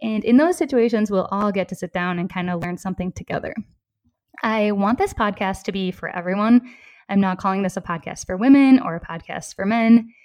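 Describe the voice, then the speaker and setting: A woman's voice: medium pitch, a little fast, darkish tone, no echo, clean studio sound. A woman in her thirties from Minnesota with a Minnesota accent, hosting a solo podcast in a friendly, upbeat manner with small laughs between phrases. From southeastern Minnesota, US. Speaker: podcast host.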